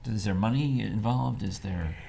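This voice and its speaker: Gravelly low-voiced male host. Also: mellow. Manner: playful, quick to joke. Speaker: morning show host. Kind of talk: casual morning show chat.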